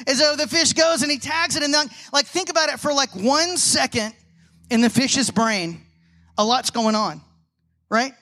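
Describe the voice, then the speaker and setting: A man preaching a sermon to a congregation, telling animated stories and asking rhetorical questions. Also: very high-pitched, moderate pace. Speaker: pastor.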